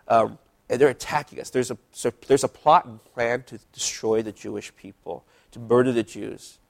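A man who is a pastor, leading a casual Bible study in a relaxed, chatty way with lots of asides. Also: mid-range voice.

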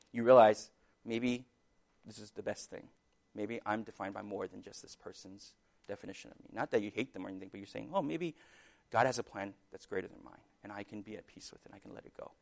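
A man preaching a sermon in an earnest, halting way, with restarts and sudden louder bursts. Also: on the low side, creaky.

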